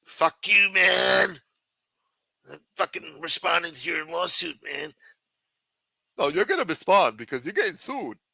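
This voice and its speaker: Brash, profane man, bright voice. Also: high-pitched, lively intonation, a little slow, creaky, pauses often, no room sound. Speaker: livestream show host. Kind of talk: casual livestream chat in a mob boss persona.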